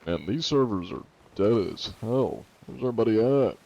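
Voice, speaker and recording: Joking 21-year-old American guy, lowish voice. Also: animated, moderate pace, vocal fry, mellow, muffled recording. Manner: joking, sarcastic, answers chat questions. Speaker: streamer. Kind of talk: casual livestream chat.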